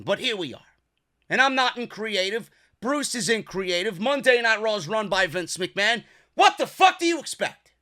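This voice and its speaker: A young man from New York hosts a wrestling review with sarcastic, profane, fired-up rants. His voice sits high for a man and has a bright, sharp edge. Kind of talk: ranting video review.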